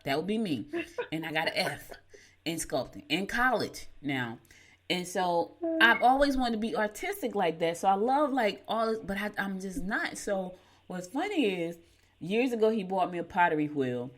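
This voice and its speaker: A woman's voice: mid-range voice, very animated, moderate pace. A middle-aged woman, hosting a morning show, reading horoscopes and telling folksy stories while laughing at herself. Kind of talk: casual chat and horoscope reading.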